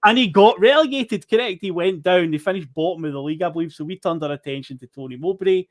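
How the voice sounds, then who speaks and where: A Scottish man hosting a football podcast, calmly recapping events and prompting his co-host. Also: sits high. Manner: measured, recaps events for listeners. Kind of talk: casual football chat.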